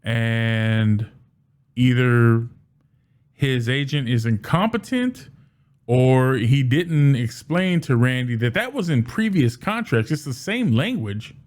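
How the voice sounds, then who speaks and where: A man giving casual solo commentary as a sports fan, animated, often restarting and repeating words. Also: medium pitch, slow.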